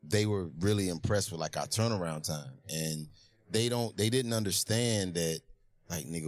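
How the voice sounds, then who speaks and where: Low-pitched male guest, dry close sound, candid and profane, laid-back chat. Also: dry recording. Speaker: rapper and TV writer guest. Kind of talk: casual interview chat.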